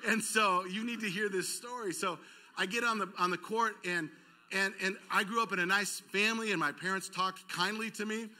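A man pastor delivers a storytelling sermon in a church with a high, very bright and ringing voice. He is self-deprecating and animated, acting out the shouts and cries of the people in his story. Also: unhurried, pauses often. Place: church auditorium.

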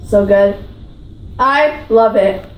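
A woman's voice: medium pitch, extremely slow, reverberant, poor audio. A female vlogger talking in a bubbly, gushing way while she taste-tests food, repeating her praise. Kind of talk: food challenge vlog.

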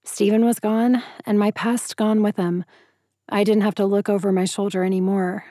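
Woman, audiobook narrator, first-person romance, emotive and intimate, mellow tone, dry close mic. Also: medium pitch, steady tone, moderate pace, no echo.

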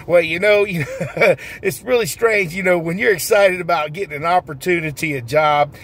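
A man's voice: high voice, moderate pace, fairly bright tone, poor audio. A man hosting a comedic mock interview, laughing often in a folksy, plain-spoken way. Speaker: comedy host posing as an interviewer.

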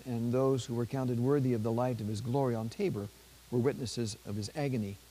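A man with a dark, mellow voice reads aloud from a saint's life at a measured pace. Now and then he stops to add a quick aside in his ordinary speaking voice. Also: mid-range voice, a little hiss or hum, rough recording. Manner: measured reading with brief spoken asides. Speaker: priest.

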